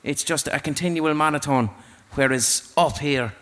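A man's voice: on the high side, moderate pace, fairly bright tone, dry recording. A man hosting a podcast in casual chat, rambling, jokey and irreverent. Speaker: podcast host.

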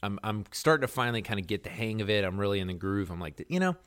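A man's voice: fairly low pitch, fast talker, a bit bright, smooth. A young man co-hosting a podcast, telling a story in a laid-back, slangy way. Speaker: podcast co-host. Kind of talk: casual chat storytelling. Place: Los Angeles.

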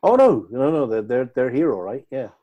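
A man's voice: mid-range voice, big pitch swings, normal speed, highs cut off. An Irish man chatting as a guest on a podcast over a video call, with a dry, sardonic way of talking.

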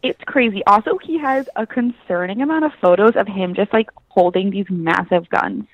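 A woman's voice: medium pitch, normal speed, dry recording, muffled recording. A woman co-hosting a casual podcast, chatting and adding her own recollections. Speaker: podcast co-host. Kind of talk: casual chat.

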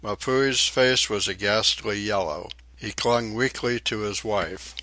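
A man reading a short story aloud in a measured, even storytelling way. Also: on the low side, no room sound. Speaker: audiobook reader. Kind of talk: audiobook narration.

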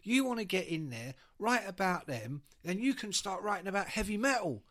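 A man's voice: high voice, very animated, fairly bright tone, pitched above the performer's own voice. A man voicing a brash, pushy male photographer with a Cockney accent. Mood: insistent. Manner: pushy, sweary, rapid-fire.

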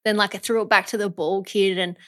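A young woman recounts a story in a relaxed chat. She tells it animatedly and scatters fillers through her sentences. Her voice sits in an ordinary middle pitch for a woman. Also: a little fast. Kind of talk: casual storytelling.

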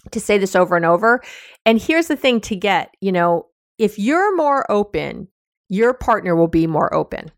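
A woman's voice: medium pitch, no echo, studio quality. A woman hosting a solo advice podcast, talking frankly and casually, with many fillers and restarts. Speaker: podcast host giving sex advice.

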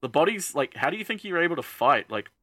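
A man quoting a calm, cold magical creature as it explains the rules offhandedly, close to his own voice. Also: on the high side, fast talker, dry recording, voice pushed up, full character voice. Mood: explaining.

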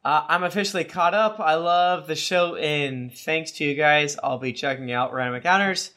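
Man, slightly high bright voice, playful podcast co-host reading reviews. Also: moderate pace. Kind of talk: casual chat, reading listener reviews aloud.

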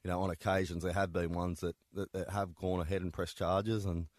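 A man's voice: low-pitched, level tone, a little fast, dry recording, clean studio sound. A man, an author telling prison stories in a conversational interview, with frequent ums and restarts. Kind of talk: interview guest recounting stories.

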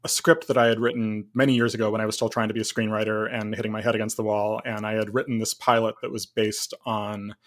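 A man being interviewed as a co-creator and director, answering in a measured way with frequent pauses. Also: fairly low pitch, little pitch movement.

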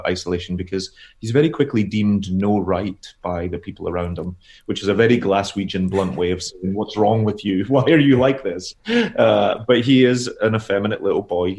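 A man's voice: low-pitched, darkish tone. A man, a novelist talking thoughtfully about his book in an interview, with frequent fillers and restarts. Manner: thoughtful, hesitant, with many fillers. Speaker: novelist guest. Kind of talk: literary interview.

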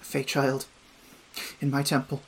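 A man's voice: medium pitch, completely flat delivery, a little slow, creaky, slightly rough, poor audio. A man voicing a frightened, stern woman who keeps a temple, giving urgent warnings. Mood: suspicious.

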